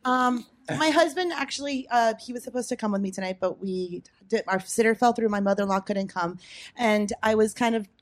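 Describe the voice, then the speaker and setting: A woman's voice: fairly high pitch, fairly quick, dry recording. A woman from the audience telling a casual story, chatty and self-deprecating, rambling as she goes. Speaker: audience member. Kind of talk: casual story told to a live crowd.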